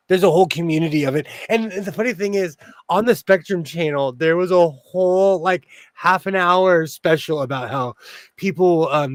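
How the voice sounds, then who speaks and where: A man's voice: fairly high pitch, no echo. A man hosting a casual sewing livestream, chatty and rambling, laughing often. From Los Angeles area. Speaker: host.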